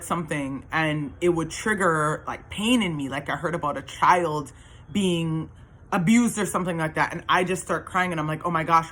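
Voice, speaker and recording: Low, bright-voiced woman telling her story. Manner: earnest and rambling, with many restarts and "like". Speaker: vlogger sharing her own story. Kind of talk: casual storytime monologue.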